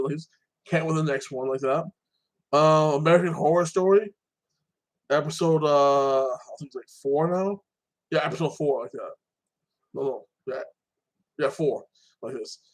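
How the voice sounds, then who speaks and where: A man casually recapping TV and anime episodes in a loose, rambling way, full of filler phrases. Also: fairly high pitch. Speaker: TV and anime reviewer.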